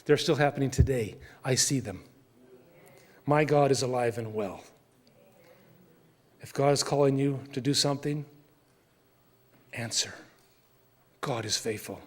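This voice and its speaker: A man's voice: medium pitch, measured pace, pauses often. An older man, a missionary speaker, telling an earnest mission story in church with emphatic repeats. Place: church sanctuary. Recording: long church reverb.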